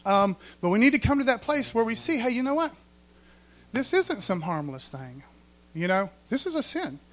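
A man's voice: very high voice, sing-song, moderate pace. A male preacher, preaching a folksy sermon in church and often asking the congregation if they follow.

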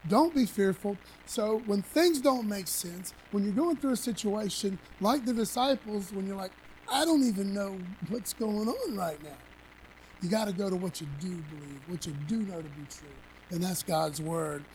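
A preacher in mid-sermon who talks to the congregation like old friends, tossing out casual asides and calls for a response. The voice sits at a middle pitch. Verses are read with punch, and faint noise hums in the background. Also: animated, normal speed, a little mellow, poor audio. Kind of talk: conversational sermon.

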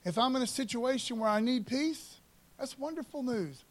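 Fervent high-voiced preacher man. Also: lively intonation, moderate pace. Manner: fervent, casual preaching with "man" and "amen" asides. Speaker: pastor. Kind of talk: sermon.

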